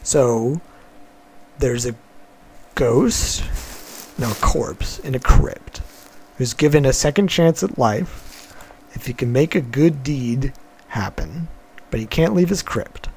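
A male podcast host talks through a cartoon plot in a relaxed, meandering chat, chuckling often as he goes. His voice sits at an ordinary middle pitch, with a faint hiss of background noise under it. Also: slow, pauses often. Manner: loose, chuckling, wandering retelling. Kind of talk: casual podcast chat recapping a cartoon episode.

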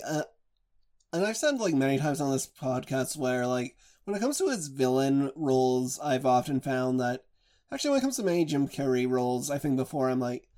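A man's voice: medium pitch, darkish tone. A man hosting a podcast, talking casually and reflectively about movie performances. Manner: chatty, reflective film reviewer. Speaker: podcast host.

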